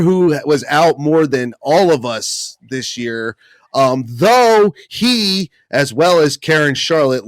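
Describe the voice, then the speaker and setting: A man's voice: medium pitch, dry recording. A man hosting a casual podcast chat from New England, upbeat and chatty, calling people dude. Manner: energetic, says dude a lot. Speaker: podcast host.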